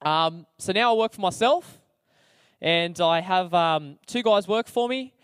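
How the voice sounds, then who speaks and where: A young man with an Australian accent tells his story casually, full of slang and fillers and laughing at himself. His voice sits a little high for a man, and the recording is dry, with no room sound. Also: a little slow, fairly bright tone, clean tone, no echo. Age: young adult. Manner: chatty, slangy, self-deprecating, many fillers. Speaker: speaker sharing his testimony.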